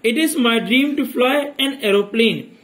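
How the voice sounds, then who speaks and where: A man with a very high voice works through grammar exercises as a teacher. He reads each sentence aloud and explains the answer in a steady, methodical manner. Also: unhurried, poor audio.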